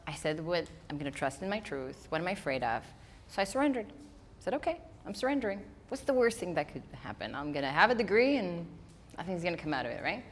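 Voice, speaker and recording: Woman, non-native english speaker, motivational talk, animated storytelling, faint ambience. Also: fairly low pitch, fast talker, hardly any pauses, slight background noise. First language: not English. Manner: animated storytelling, acting out her own inner voice. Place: event hall before a live audience.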